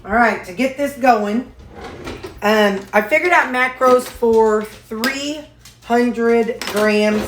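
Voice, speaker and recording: This is casual cooking-vlog talk: a woman cooks at home and chats with her viewers in a folksy way. She speaks in a mid-range voice. Slight background noise comes through, and the kitchen sounds echoey, with dishes clattering.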